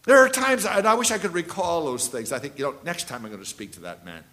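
Older guy preaching, pitch jumps all over, hammers the same phrase again and again. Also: lively intonation, fast talker. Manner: emphatic, repeats key phrases, swings between loud and hushed. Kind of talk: sermon with anecdotes.

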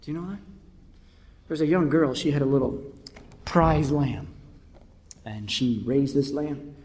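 A man preaching a sermon with dramatic swings between hushed whispers and loud cries. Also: medium pitch, measured pace. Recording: echoey hall.

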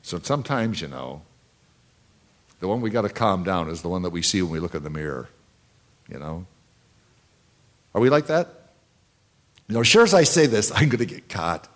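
A man around seventy preaching a sermon, telling anecdotes and repeating key phrases, swinging between loud and hushed delivery. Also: sits low, sing-song, moderate pace, long pauses.

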